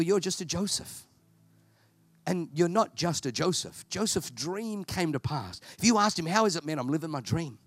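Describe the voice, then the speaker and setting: Animated Australian-born male preacher. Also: sits high, no echo. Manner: animated, storytelling, humorous. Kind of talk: sermon. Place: church service.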